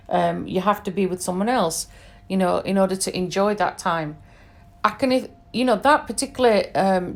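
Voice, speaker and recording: A British woman in her forties hosting a podcast, telling personal stories in a chatty, emphatic way with frequent fillers and asides. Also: mid-range voice. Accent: British English. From England. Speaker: podcast host. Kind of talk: personal storytelling monologue.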